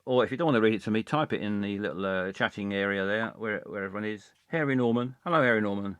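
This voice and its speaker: A man hosts a comic live stream in a lowish voice, rambling and halting as he trips over his words. The sound is dry and close to the mic. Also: a bit bright, clean tone, dry recording, muffled recording. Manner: halting, rambling, full of fillers and restarts.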